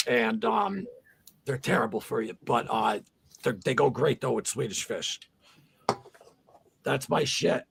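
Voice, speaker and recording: A man's voice: mid-range voice, animated, a little slow, vocal fry, pauses often, fairly bright tone, slight background noise. A man on a podcast, talking casually in a rambling, profane, insistent way. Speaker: podcast co-host. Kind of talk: casual chat.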